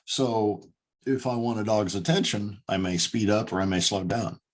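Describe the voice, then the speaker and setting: Teaching dog handling in an online class, a male dog trainer speaks emphatically over a video call and demonstrates voice tones. His voice is lowish, at a moderate pace.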